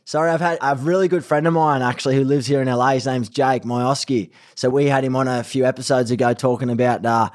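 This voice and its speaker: A young man with an Australian accent hosting a casual podcast interview, energetic and chatty with plenty of slang. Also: mid-range voice, quick pace, few pauses. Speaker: podcast host. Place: Los Angeles.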